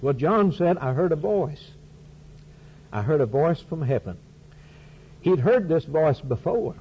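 A man preaching a sermon slowly and deliberately, his voice rising for emphasis and dropping low on solemn phrases. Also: dark tone. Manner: slow, deliberate preaching with dramatic rises and drops. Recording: muffled lo-fi recording with faint hum.

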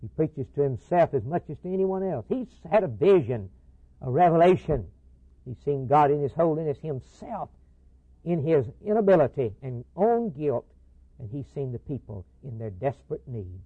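Male preacher, slightly high voice, rhythmic emphatic sermon, dry lo-fi phone-like sound. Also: lively intonation, moderate pace, breathy edge, no room sound. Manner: rhythmic repetition, rising emphatic declarations. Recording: tinny phone-like old recording.

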